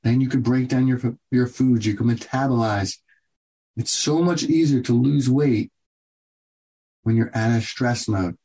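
Husky-voiced man hosting a health show. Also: mid-range voice, dark tone. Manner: earnest, repetitive coaching tone with quick bursts. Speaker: radio show host and doctor. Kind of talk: health advice talk show monologue.

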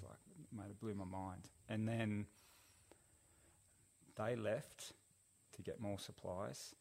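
A man's voice: on the low side, creaky. Laid-back man telling a story. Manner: rambling, laid-back, lots of fillers. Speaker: podcast guest. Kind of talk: casual storytelling.

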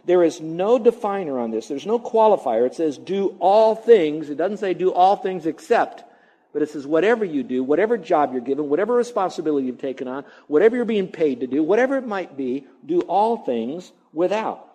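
A man preaching a sermon in a church, talking conversationally and drawing out key phrases slowly. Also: on the high side, animated, dark tone. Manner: conversational preaching, stretches key words slowly, mutters mock grumbling. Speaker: pastor.

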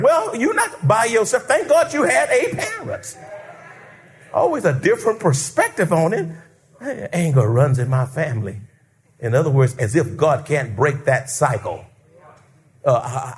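Male pastor, high-pitched and animated, lively sermon delivery with acted-out quotes. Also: normal speed. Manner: animated, call-and-response preaching with acted-out quotes.

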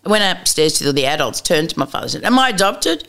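Speaking low and racing along, a middle-aged woman appears as an interview guest sharing candid stories. Her manner is blunt and lively, with acted-out dialogue and casual swearing.

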